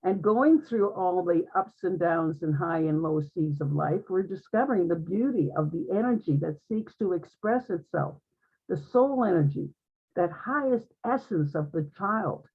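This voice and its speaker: A woman's voice: mid-range voice, husky. A woman giving an earnest, uplifting spiritual talk to an online group, often repeating her phrases. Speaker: guest speaker in an online group conversation. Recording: tinny phone-like line.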